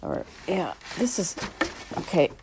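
A middle-aged woman painter talking casually to herself as she sets up, rambling and halting with many fillers, sometimes dropping to a soft whisper. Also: on the low side, huge pitch swings, very noisy. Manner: drops to a soft whisper now and then. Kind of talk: casual spoken vlog while setting up to paint.

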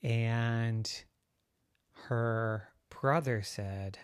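A storyteller narrating a children's story with a gentle, expressive delivery. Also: mid-range voice, takes it slowly, no room sound, studio quality.

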